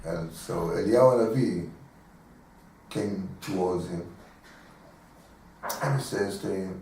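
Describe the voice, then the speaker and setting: Animated rabbi in an echoey room. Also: male voice, low voice, takes it slowly, pauses often. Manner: animated storyteller, acting out voices in the story, chuckling. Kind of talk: telling a teaching story in a class. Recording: echoey room from far off, faint background noise.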